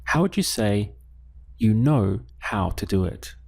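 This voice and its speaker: A man teaching a beginners' language lesson, saying each phrase twice in a patient, steady way. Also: on the low side, slow pace, gravelly, slightly rough. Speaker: Spanish teacher. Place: lives in Latin America.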